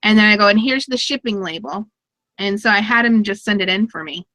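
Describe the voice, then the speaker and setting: A woman's voice: medium pitch, a little fast, pushed and bright, no echo. A woman hosting a casual online chat show, talkative and laughing often. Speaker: podcast host.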